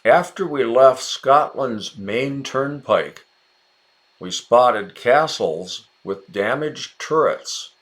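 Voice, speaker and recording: An American man teaching English in a relaxed, chatty lesson. He talks slowly and carefully, and his pitch swings up and down a lot. He encourages his viewers and calls out to them by name. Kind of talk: casual ESL lesson narration.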